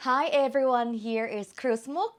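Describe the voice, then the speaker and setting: Thai accented lady teacher, fairly high voice, slow careful repeats for tones. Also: fairly even intonation. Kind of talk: online language lesson.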